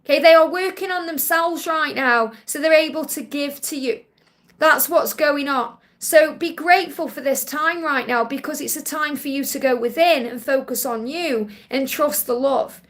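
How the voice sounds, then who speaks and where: Female live-stream psychic host, high voice, gentle, reassuring delivery. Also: normal speed. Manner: gentle and reassuring, ends points with a soft "okay?"; relays messages in first person with emphatic repetition. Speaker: psychic card reader hosting a live Q&A.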